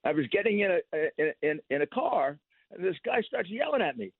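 An older man, a guest in a casual radio interview, telling stories with animated repetition and laughs. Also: high voice, fairly quick, creaky, breathy edge, no room sound. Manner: animated storytelling, repeats words, laughs. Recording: thin phone-line sound.

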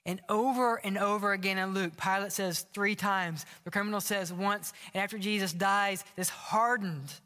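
A man preaching a sermon as pastor, impassioned and earnest, sometimes dropping his voice low for emphasis. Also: steady tone, moderate pace, hardly any pauses, bright, forceful tone. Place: large church sanctuary. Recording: long hall reverb.

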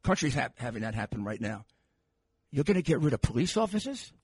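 An older man hosting a political talk radio show, animated and restarting his phrases as he talks. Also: mid-range voice, quick pace, breathy edge, no room sound.

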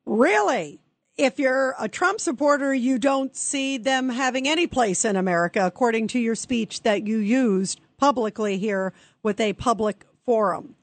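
A woman's voice: a little high, measured pace, no room sound. A woman hosting a call-in radio show, giving indignant, sharply critical commentary into a close studio mic. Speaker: radio talk show host.

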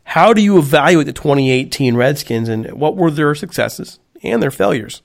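A man hosting a sports podcast, his voice pitched slightly above the usual. He talks briskly and keeps things moving, chatting casually with listeners. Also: expressive, gravelly. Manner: brisk, rushes through reads. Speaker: podcast host.

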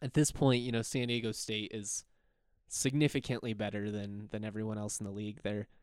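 Young guy chatting hoops on his podcast, smooth voice, real dry close sound. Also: on the low side, little pitch movement, brisk, a little mellow, dry recording. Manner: rambling, chuckling, self-correcting. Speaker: podcast host. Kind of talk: casual sports podcast talk.

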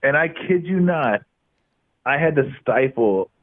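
A middle-aged man, a former basketball player, tells lively anecdotes as a guest in a casual interview, laughing often. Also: a little high, measured pace. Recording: tinny phone-like line.

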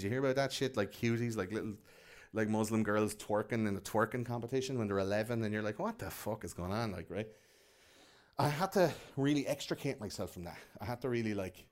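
A man's voice: medium pitch, darkish tone. A young man with a Liverpool accent, hosting a podcast in front of a live audience and ranting casually with lots of swearing. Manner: loose and profane, mocking put-on voices.

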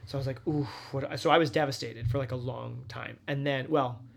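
A man's voice: mid-range voice, fairly even intonation, a little fast, creaky. A man in his thirties, a stage actor as interview guest, chatting casually and animatedly, full of "like" and acted-out quotes. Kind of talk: casual conversational storytelling.

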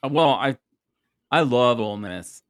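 A man's voice: medium pitch, lively intonation, measured pace, no echo, clean studio sound. A man co-hosting a podcast, chatting casually about sports picks with frequent laughs and hesitant fillers. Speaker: podcast co-host. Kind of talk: casual sports betting chat.

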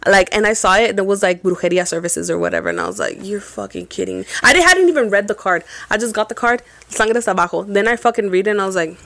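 A young Mexican woman co-hosting a podcast tells a paranormal story in casual conversation, animated, swearing a lot, and slipping in Spanish phrases. Her voice sits at medium pitch, and she talks fast with hardly any pauses. The recording is dry.

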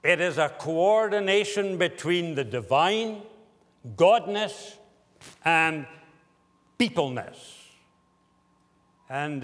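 Slow, deliberate preaching man in a reverberant hall. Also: fairly high pitch, a bit bright. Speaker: pastor. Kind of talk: sermon.

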